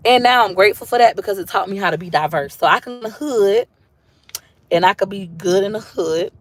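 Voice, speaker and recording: A woman in her thirties with an African American accent, chatting casually on a livestream and swinging into high mocking voices now and then. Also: fast talker. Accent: African American English. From Tampa, Florida. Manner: animated and chatty, drops into high mocking voices when quoting others. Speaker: livestream host.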